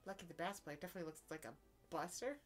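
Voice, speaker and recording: A woman's voice: fairly low pitch, lively intonation, very fast. Playful young woman chatting over a game. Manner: playful, laughing, reads on-screen text. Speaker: let's play co-host. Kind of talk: casual gaming chat.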